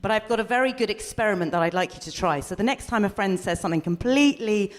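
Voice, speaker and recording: A woman's voice: medium pitch, expressive, fast talker. A woman co-hosting a live comedy podcast, doing self-mocking, sarcastic stand-up on stage before an audience. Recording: live stage recording with background noise.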